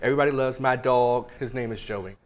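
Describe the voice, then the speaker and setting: A man's voice: medium pitch, fairly quick. A young man, a defendant on a TV court show, defending himself in casual speech. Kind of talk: testimony in a TV courtroom.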